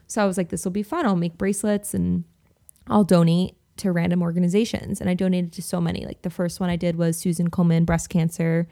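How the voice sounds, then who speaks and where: A woman in her twenties co-hosts a podcast and tells stories in a relaxed, chatty way. Her voice sits a little low and has a gravelly, fry-laced edge. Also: fairly quick. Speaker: podcast co-host. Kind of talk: casual chat.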